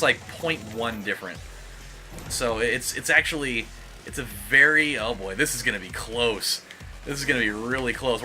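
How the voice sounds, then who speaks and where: A man casually rambling as he comments on a racing game, excitable during close moments. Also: mid-range voice. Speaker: let's play host. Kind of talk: gameplay commentary.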